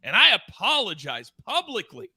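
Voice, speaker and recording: Lively bright-voiced male sports host. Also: moderate pace, slightly rough, no echo. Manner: loud, playful, swings up and down in pitch. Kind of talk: energetic sports betting show banter.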